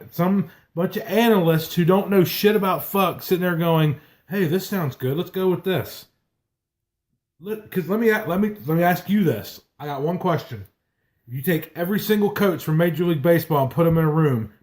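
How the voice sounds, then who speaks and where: A man's voice: high voice, darkish tone. A man from South Carolina ranting about baseball on a podcast, heated and swearing constantly. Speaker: podcast co-host. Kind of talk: profane sports rant.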